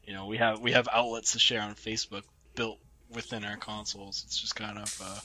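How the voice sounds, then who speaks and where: A man's voice: lowish voice, little pitch movement, a little fast, pushed and bright. A man co-hosting a casual podcast, musing and filling gaps with "you know". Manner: reflective, leans on "you know". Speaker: podcast co-host. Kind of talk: casual chat.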